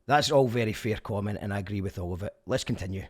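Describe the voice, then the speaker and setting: A man hosting a radio show, reading his links in a dry, deadpan way. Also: on the low side, fast, husky. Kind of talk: scripted presenter link.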